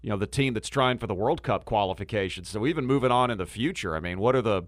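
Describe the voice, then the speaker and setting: A man's voice: fairly low pitch, animated, quick pace, no room sound. A man co-hosting a casual sports podcast, asking questions and adding short, dry remarks. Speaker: co-host.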